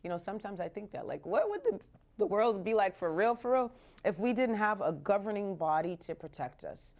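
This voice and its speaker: A woman's voice: mid-range voice, sing-song, fairly quick, darkish tone. A woman from Canada hosting a live radio show, talking casually and animatedly, slipping in Jamaican patois phrases, from a radio studio.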